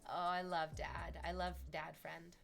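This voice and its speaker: A young adult woman, chatting casually on a stream, rambling and self-deprecating with loud outbursts. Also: fairly low pitch, flat delivery, measured pace, vocal fry, faint music behind.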